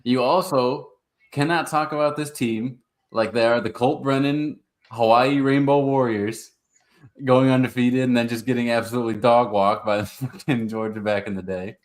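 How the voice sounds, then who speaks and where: A man co-hosting a sports podcast, arguing in a relaxed, teasing way and laughing often. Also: medium pitch, normal speed. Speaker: podcast co-host. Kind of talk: casual sports debate.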